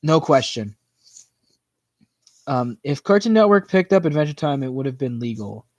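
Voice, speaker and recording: A man hosting a livestream in a casual, rambling chat, filling his talk with "like" and "you know" as his voice tires and goes hoarse. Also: mid-range voice, animated, no room sound. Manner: rambling, full of "like" and "you know", quick laughs. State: voice tiring and hoarse. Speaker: livestream host. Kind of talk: casual chat reacting to viewer comments.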